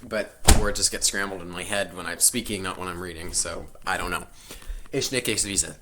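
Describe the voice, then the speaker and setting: A man with a low-pitched but very bright, edgy voice rambles through a casual home vlog. He cuts himself off mid-thought and tosses in jokey asides. The sound comes from a laptop's built-in mic. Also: steady tone, brisk, slight background noise. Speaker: vlogger.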